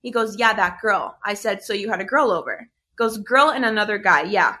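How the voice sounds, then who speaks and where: A young woman recounting a messy personal story in a loose, chatty way. She talks casually, leans on "like" fillers and swears often, in a voice of middling pitch for a woman. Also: fairly quick. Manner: animated, swearing, many "like" fillers. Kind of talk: casual chat.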